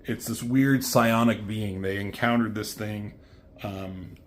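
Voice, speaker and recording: A man's voice: lowish voice, steady tone, takes it slowly, a little hiss or hum. A man who is a comic book reviewer, recapping a comic in a rambling, casual way, with lots of fillers and swearing.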